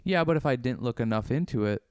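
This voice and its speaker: A man's voice: medium pitch, animated, quick pace, smooth, no echo. A young adult man co-hosting a podcast in casual chat, rambling and questioning himself as he acts out little quotes. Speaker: podcast co-host.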